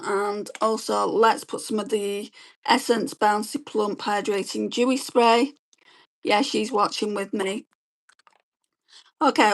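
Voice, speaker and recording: A woman, chatting quickly and rambling as she does her makeup and reads viewer comments on a beauty livestream. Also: mid-range voice, a bit bright. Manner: fast-talking, chatty, rambling. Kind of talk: casual chat while doing makeup and reading live comments.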